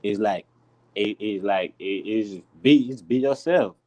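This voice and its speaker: A man's voice: lowish voice, a little slow, dark tone, rough recording. A man speaking on a casual panel, rambling with many restarts and filler words. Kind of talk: casual chat.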